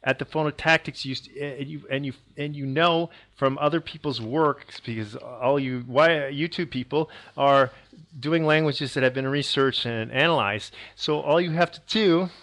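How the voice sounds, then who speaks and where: A man's voice: medium pitch, moderate pace, a bit bright. A man from the United States giving a casual video lesson on pronunciation, rambling and correcting himself, chuckling now and then. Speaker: language teacher.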